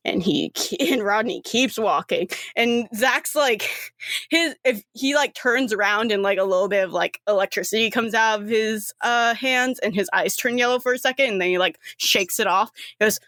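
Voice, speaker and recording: A woman's voice: on the high side, normal speed, a bit bright, no room sound, studio quality. A young adult woman narrating a tabletop game as game master, giggly and rambling.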